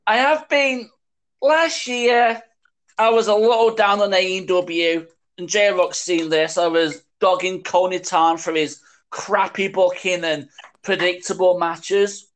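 A man's voice: high voice, fairly even intonation, slow pace, a bit bright. A man from Sheffield with a Northern English accent, a guest in a casual chat, dry and self-assured. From Sheffield, England.

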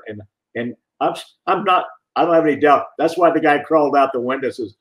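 A man's voice: a little high, a little fast, poor audio. Matter-of-fact man on a panel. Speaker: panelist, police captain. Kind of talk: casual panel chat.

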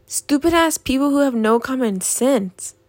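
A woman's voice: high voice, animated, a little slow, no echo. A young woman in a casual vlog, ranting in an exasperated, profane way about things that annoy her. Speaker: vlogger.

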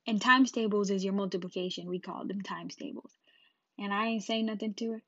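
A woman hosts a podcast and tells a personal story in an animated, casual way, acting out the scenes as she goes. Her voice sits in a middle pitch. The recording is dull and dry. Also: fairly quick, no echo. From Jamaica. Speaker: podcast host.

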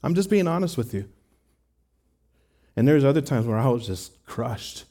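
A man's voice: medium pitch, animated, moderate pace, mellow. A man preaching a sermon in an earnest, conversational way, talking to the congregation with rhetorical asides. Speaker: pastor.

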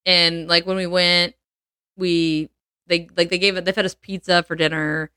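A young adult woman on a casual podcast, telling a story in an animated way and acting out what people said. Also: on the low side, moderate pace, clean tone, dry recording, studio quality. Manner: animated, laughs often, acts out quotes. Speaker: podcast co-host.

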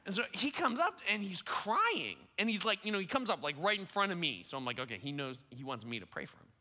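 A young man preaching in an animated, self-deprecating storytelling way, leaning on casual fillers. His voice is very bright and a touch high, with lively swings in pitch. It rings out with a long reverb. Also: fast. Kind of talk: sermon storytelling.

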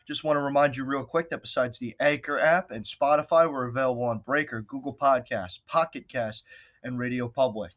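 A man's voice: medium pitch, a little fast, a bit bright. A young man hosting a casual podcast chat with friends, upbeat and rambling. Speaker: podcast host.

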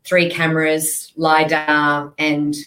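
A woman's voice: low-pitched, flat delivery, slow pace, a bit bright. A woman co-hosting a casual radio chat, teasing and questioning her guest skeptically.

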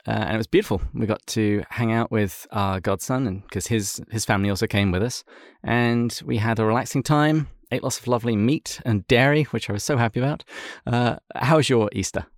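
A man's voice: mid-range voice, a little fast, hardly any pauses, no room sound, clean studio sound. A man co-hosting a faith podcast in casual chat, friendly and encouraging. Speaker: podcast co-host.

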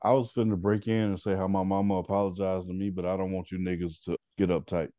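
A man's voice: deep voice, flat delivery, quick pace, dry recording, lo-fi sound. A man co-hosting a podcast, telling laid-back slangy stories in casual banter. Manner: laid-back storyteller, slangy, laughs often. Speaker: podcast co-host.

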